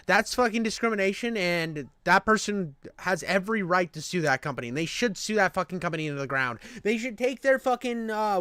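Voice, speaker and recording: Male channel host, casual ranter, swears, restarts often; smooth tone, dry close sound. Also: high-pitched, a bit bright, no room sound. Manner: profane, rambling, restarts a lot. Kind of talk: casual ranting monologue.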